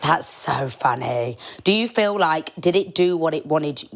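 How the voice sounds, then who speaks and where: A woman with a British accent hosting a podcast, chatty and eager, full of quick agreement. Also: deep voice, animated, gravelly. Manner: chatty, eager, lots of yeahs and laughter. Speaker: podcast host. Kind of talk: casual chat.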